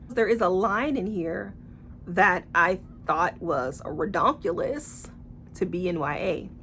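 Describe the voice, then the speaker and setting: Woman book reviewer, casual vlog; blunt, salty, sarcastic, animated asides, mid-pitched voice, faint background hiss. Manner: animated, acts out quoted characters.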